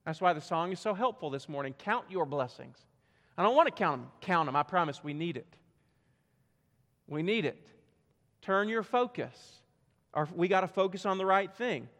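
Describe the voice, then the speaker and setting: A man pastor preaching a sermon to a church congregation, emphatic and swinging from loud to hushed. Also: sits high, animated, moderate pace. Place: church sanctuary. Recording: long reverb of a church hall.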